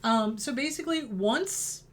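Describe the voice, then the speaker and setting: A woman's voice: fairly high pitch, expressive, unhurried, slight background noise. A middle-aged woman therapist giving an educational talk, emphatic and mocking in her acted-out quotes. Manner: emphatic, acts out quoted apologies in mocking voices. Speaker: therapist host.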